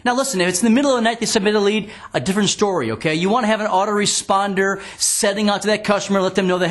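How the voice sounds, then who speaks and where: A male sales trainer with a fairly high voice delivers a studio training lecture. He talks emphatically, repeats key words for weight and slips into sample call lines to demonstrate. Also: very fast, hardly any pauses, fairly bright tone. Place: green screen studio.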